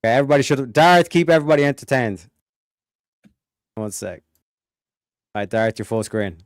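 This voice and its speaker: A man hosting a casual livestream chat, reading viewer messages aloud, swearing and mocking loudly. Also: medium pitch, expressive, brisk, dry recording, clean studio sound. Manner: profane, loud, mocking. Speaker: livestream host.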